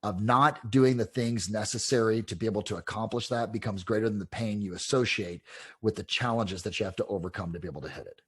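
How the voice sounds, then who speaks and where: A man, a real estate coach, telling casual, animated stories in an interview, full of fillers. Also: on the low side, fast talker, breathy edge. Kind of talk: interview storytelling.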